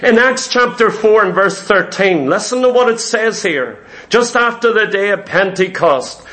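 A man preaching a sermon, with an emphatic, repetitive cadence and drawn-out, stressed words. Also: high-pitched, expressive, sharp tone.

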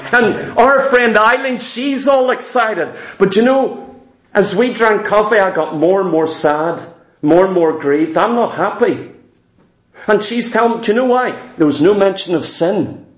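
A high-voiced man preaching, telling a story with repetition and dramatic slowdowns. His voice rings out in an echoey church hall. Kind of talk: sermon storytelling.

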